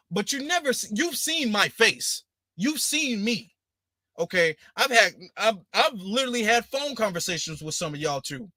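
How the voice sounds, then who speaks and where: A man with a high, bright voice and lively intonation hosts a casual livestream, speaking emphatically and indignantly at a normal speed while hammering the same points over and over. The sound is dry and close, with no room sound.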